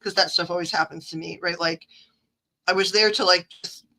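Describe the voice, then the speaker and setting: A woman's voice: lowish voice, fairly even intonation, a little fast, sharp tone, a little hiss or hum, low-quality recording. A woman with a Midwestern accent, hosting a livestream as a card reader, chatty and digressive as she reads the chat aloud. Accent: Midwestern American. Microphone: phone.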